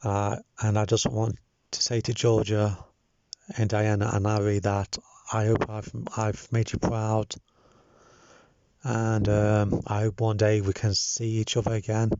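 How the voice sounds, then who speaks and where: Slow, hesitant man with a low voice. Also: little pitch movement, a little mellow, smooth, no room sound. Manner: hesitant, many ums and restarts, sincere. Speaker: campaign organizer. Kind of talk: casual thank-you video message. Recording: dull lo-fi sound, dry.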